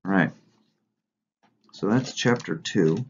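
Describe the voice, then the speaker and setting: A man's voice: low voice, slow, a little hiss or hum. A male teacher talking casually and self-effacingly in an online lesson with read-aloud. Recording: lo-fi recording.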